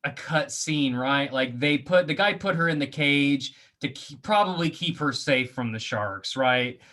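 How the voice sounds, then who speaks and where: Bright-voiced opinionated male podcaster. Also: medium pitch, unhurried. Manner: opinionated, rambling, swears casually. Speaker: podcast co-host. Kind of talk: casual movie chat.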